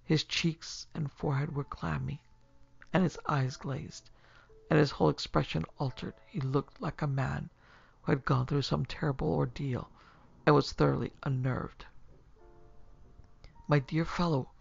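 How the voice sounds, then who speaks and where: A podcast host narrating a classic horror story in a measured, steady storytelling manner. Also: medium pitch, vocal fry, slightly rough. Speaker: narrator and producer. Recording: lo-fi recording with faint music.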